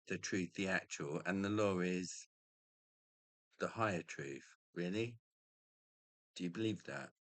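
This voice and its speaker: A man's voice: deep voice, fairly bright tone, dry recording. A middle-aged man, ranting in a rambling, profane monologue and tacking on "mate" again and again.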